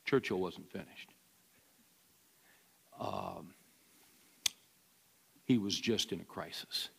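A pastor preaching a sermon, starting quiet and building to loud, emphatic delivery with many repeated words. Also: male voice, deep voice, slow pace, creaky, breathy edge.

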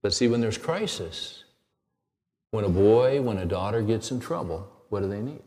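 Middle-aged pastor guy preaching, earnest storyteller, kinda low voice, big echoey hall. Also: lively intonation, normal speed. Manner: earnest storytelling, drops to a hushed tone. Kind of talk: sermon.

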